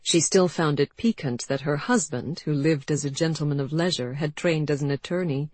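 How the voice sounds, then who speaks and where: Husky, dry audiobook narrator. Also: medium pitch, normal speed, dry recording. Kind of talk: scripted narration.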